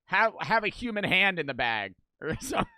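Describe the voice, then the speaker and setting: A man's voice: high voice, very animated, fairly quick, bright, forceful tone, clear, resonant tone, no echo, studio quality. A young man casually reacting to video clips, joking and swearing as he comments. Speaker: reaction streamer.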